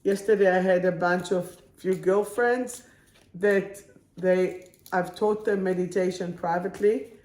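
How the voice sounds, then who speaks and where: Slow, soothing woman reading affirmation cards. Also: lowish voice, steady tone, a little mellow, reverberant. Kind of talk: live-stream card reading.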